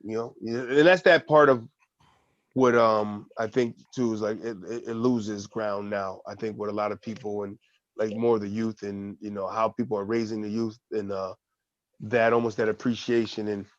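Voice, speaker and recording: A man with a mid-range voice co-hosts a casual podcast, laughing a lot and acting out quick quoted lines with blunt, profane humor. His mic sounds slightly dull and very dry. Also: fairly low pitch, fairly even intonation, no echo. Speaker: podcast co-host. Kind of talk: casual chat.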